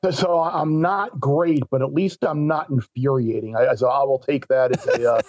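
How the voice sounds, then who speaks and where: A man's voice: medium pitch, fairly even intonation, normal speed, darkish tone, dull audio. A man joining a betting talk show as a guest, talking in a stop-start way and repeating words as he thinks. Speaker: guest sports bettor.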